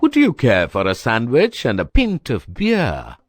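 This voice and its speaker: A woman's voice: a bass voice, wildly swooping pitch, measured pace, darkish tone, no room sound, studio quality, pitched below the performer's own voice, exaggerated voice. A woman doing Mister Pucklehammer, an earnest, obliging man. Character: mild, obliging older man, eager host.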